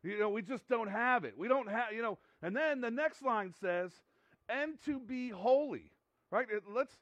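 A man's voice: extremely high pitch, fairly bright tone, no room sound, lo-fi sound. A man preaching a sermon in an earnest, conversational way, often repeating himself and restarting sentences. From United States. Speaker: pastor.

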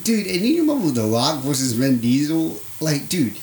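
A young man chatting loosely on a podcast, his voice swooping up and down in lively pitch. He laughs a lot and curses casually. The room echoes around him, and faint noise sits underneath. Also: normal speed. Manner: laughs often, profane, swooping voice. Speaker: podcast co-host. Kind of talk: casual chat. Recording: roomy echo with faint noise.

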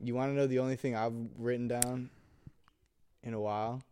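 A man's voice: medium pitch, fairly even intonation, fairly quick, mellow, slight background noise. A young man co-hosting a podcast, chatting casually with crude jokes and acting out his own stories. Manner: joking, swearing, acts out stories. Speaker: podcast co-host. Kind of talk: casual crude comedy chat.

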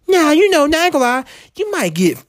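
A woman ranting in a heated, profane way, repeating herself and swinging her pitch up and down. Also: sing-song, moderate pace, no echo, clean studio sound. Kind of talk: profane personal rant.

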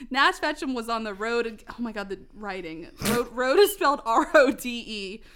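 A woman co-hosting a podcast, reading bad fan fiction aloud haltingly, stumbling over the grammar and breaking into giggling fits. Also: on the high side, lively intonation, fairly bright tone. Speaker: podcast co-host.

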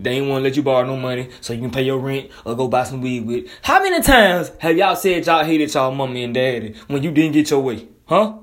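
A man delivering a blunt, profane, heated casual monologue as a commentator. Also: medium pitch.

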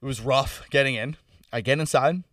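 A young man casually telling a long, profane story on a podcast. He rambles in slang and often drops into low mumbles. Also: normal speed, a bit bright, no echo, studio quality, recorded from a distance.

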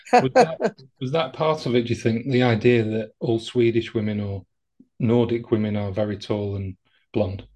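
A man's voice: mid-range voice, moderate pace, darkish tone. A man hosting a podcast, asking curious, well-prepared questions of his guest. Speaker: podcast host. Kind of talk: interviewing.

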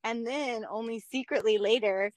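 Young adult woman, podcast guest, animated storyteller, slightly high voice, dry sound. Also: normal speed, no echo. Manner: animated storyteller, acts out quotes. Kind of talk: casual chat.

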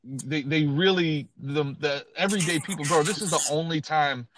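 A man's voice: fairly high pitch, moderate pace, noisy background. A man from Brooklyn with a New York accent, a comedian hosting a casual podcast chat, emphatic and full of "bro" and "dude". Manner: animated, emphatic, swears, says bro and dude a lot. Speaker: comedian host.

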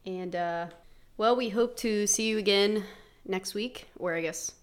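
A woman's voice: mid-range voice, measured pace. A young adult woman with a West Virginian accent, co-hosting a casual podcast, chatty and giggly as she tells loose stories. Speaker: podcast co-host.

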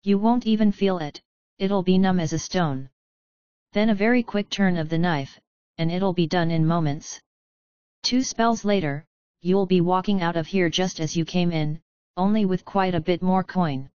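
A woman's voice: lowish voice, moderate pace, a little mellow, smooth, no echo, close to an everyday voice. A woman voicing a hungry young female hag who bargains and pleads, with a wheedling manner. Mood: coaxing. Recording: slightly dull, dry studio sound.

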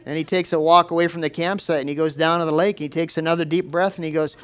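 A man preaching a sermon in a folksy, lively storytelling way. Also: sits high, fairly quick, few pauses.

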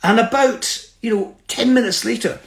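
A middle-aged man with a high, creaky voice tells a personal story at a normal pace, earnest and reflective. Now and then he checks in with his listeners, and a roomy echo surrounds him.

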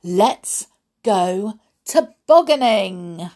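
A woman's voice: mid-range voice, animated, extremely slow, dark tone. A woman voicing a drowsy, grumbling storybook man full of nonsense. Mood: playful.

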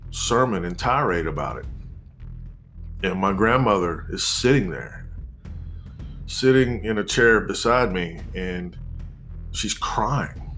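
Man in his forties, low voice, measured storytelling, light music bed underneath. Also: a bit bright. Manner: measured, reflective, with pauses and restarts. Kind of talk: personal storytelling monologue.

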